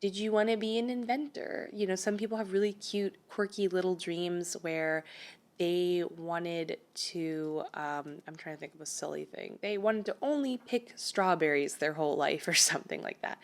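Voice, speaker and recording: A young woman giving a pick-a-card tarot reading in a chatty, emphatic way with lots of fillers. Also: mid-range voice. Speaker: tarot reader.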